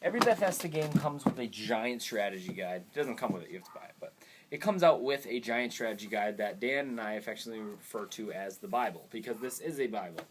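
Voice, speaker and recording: A man's voice: on the low side, animated, quick pace, background noise. A young man hosting a casual gaming vlog, rambling and easily distracted, often laughing at himself. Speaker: gaming video host.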